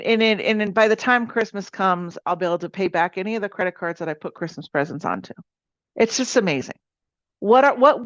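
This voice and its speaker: A woman's voice: mid-range voice, no room sound. A woman leading an insurance sales team meeting, coaching her agents with energy and often asking "right?". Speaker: insurance agency team leader. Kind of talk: motivational sales coaching talk. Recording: dull, dry sound.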